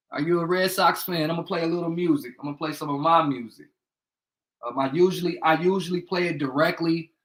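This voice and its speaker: A man's voice: fairly high pitch, fairly bright tone, low-quality recording. A young man from Indiana hosting a casual livestream from a bedroom at home, rambling, swearing freely and calling out viewers by name. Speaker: livestream host. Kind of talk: casual live-stream chat.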